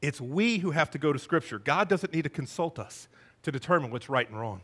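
Man preaching a sermon, high voice, fervent and emphatic. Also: lively intonation, brisk, a bit bright, husky. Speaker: pastor.

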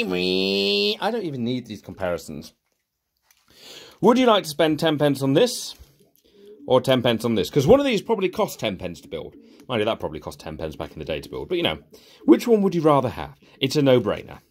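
A man's voice: mid-range voice, darkish tone, a little hiss or hum. A young man giving sarcastic, exasperated casual commentary while reviewing cheap toys. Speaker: toy reviewer.

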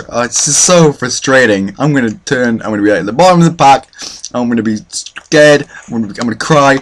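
A young man narrates his own gameplay with a lively voice that swings widely up and down. He mixes self-mocking complaints with mock-boastful trash talk, in a middle pitch. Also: normal speed. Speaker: gaming channel host. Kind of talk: let's play commentary.

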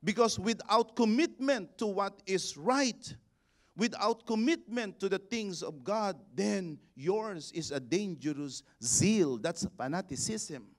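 A bishop preaches a sermon, his somewhat high male voice moving at an unhurried, deliberate pace. He builds to loud, shouted exhortations and calls on the congregation to repeat after him. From Philippines. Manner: preaching with rising shouted exhortations and call-and-response.

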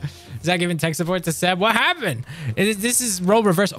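A man's voice: high voice, brisk, fairly bright tone. A young man streaming a game, swearing and talking back to the enemies as he plays. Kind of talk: live gameplay commentary.

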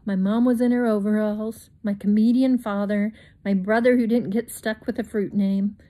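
A woman reading a children's chapter book aloud in an expressive storytime manner, pausing for chatty asides to young listeners. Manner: expressive, with bright leaps in pitch on exciting words.

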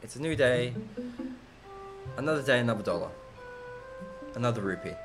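With lively intonation and a normal pace, a medium-pitched man plays a video game on stream. This let's play streamer keeps things casual and funny, bantering with the characters as game music runs underneath.

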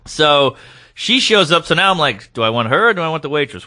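A man tells a story on a podcast with a comedian's timing. His voice is bright and forceful and sits a little high. He acts out every quoted line in a different voice. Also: brisk. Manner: animated, acts out quoted lines in varied voices. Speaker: guest comedian.

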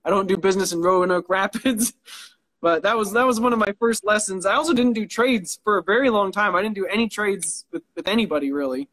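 A high-pitched man chatting in a casual interview. He rambles through his stories, swearing freely and laughing often, heard through a phone on a live stream. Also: a little fast, fairly bright tone. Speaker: guest knife maker.

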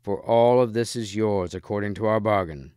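A man voicing a jovial, boisterous castle lord from a storybook. The voice is low, smooth and hearty. It is recorded close and dry. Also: normal speed, dry recording, natural voice. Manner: hearty, boisterous, a bit louder.

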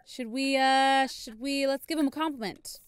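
A woman giving bubbly, excitable commentary while playing a video game, talking to the characters on screen. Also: high voice, normal speed. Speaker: gaming video host. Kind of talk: casual gameplay commentary.

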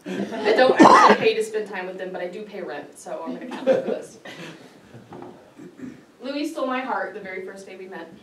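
A woman's voice: mid-range voice, lively intonation, fairly quick, pauses often, very noisy. Woman, lighthearted prepared speech, laughs a lot; distant mic in an echoey hall, audience audible. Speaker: club speaker.

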